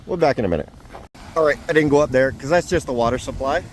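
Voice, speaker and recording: A middle-aged man from Canada talks to his camera while walking outdoors at a hatchery. His voice swings widely in pitch as he chats in a chatty, self-deprecating way. Faint wind and ambient noise sit behind him. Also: lively intonation, fast. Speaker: travel vlogger. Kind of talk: casual vlog walk-and-talk.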